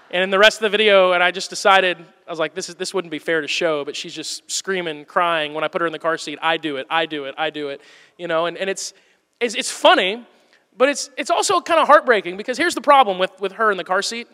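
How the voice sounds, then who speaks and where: A man's voice: sits high, quick pace, pushed and bright, long reverb tail. A male pastor giving a sermon in an earnest, conversational way with emphatic repetition.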